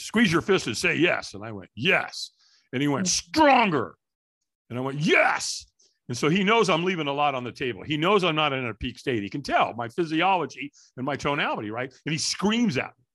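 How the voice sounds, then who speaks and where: A middle-aged man, a guest in an interview, telling a story with energy and acting out the voices and shouts of the people in it. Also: a little high, quick pace. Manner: lively, acts out quoted voices and shouts. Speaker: interview guest, firewalk instructor.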